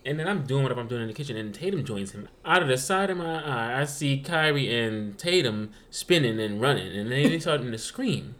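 Man, podcast co-host, very lively pitch, animated storytelling, jokey, casual chat. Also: brisk, few pauses. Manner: animated, jokey, acts out voices in stories.

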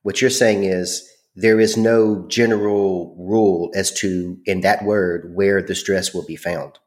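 A man's voice: low voice, steady tone, measured pace. A man hosting a podcast in casual chat, carefully restating points, with fillers. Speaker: podcast host.

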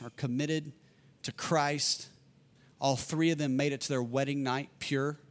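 A man delivering a sermon in an earnest, conversational way. He comes back to key phrases to drive them home, and his delivery swings between loud proclamations and quiet, intimate passages. His voice sits in an ordinary middle register. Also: mid-range voice. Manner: earnest, repeats lines for emphasis, shifts between loud and hushed. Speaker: pastor.

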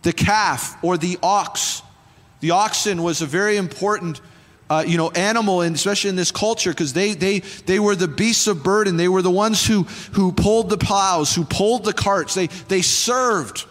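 A man's voice: sits high, moderate pace, a bit bright. A man, a pastor, preaching a sermon in a church with impassioned, fervent calls to the congregation. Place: church sanctuary. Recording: long hall reverb with faint music.

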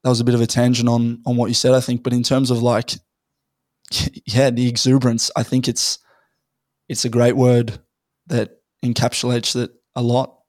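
A man, a little hoarse from losing his voice, rambling through a casual podcast conversation and thinking aloud with many fillers. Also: mid-range voice, monotone, moderate pace, a little mellow, dry recording, studio quality. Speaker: podcast guest.

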